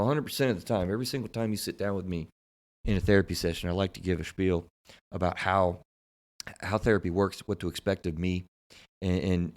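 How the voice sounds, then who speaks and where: A man with a low voice hosts a casual podcast as a therapist. He speaks in a halting way, restarting and repeating words as he works through his thoughts. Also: darkish tone.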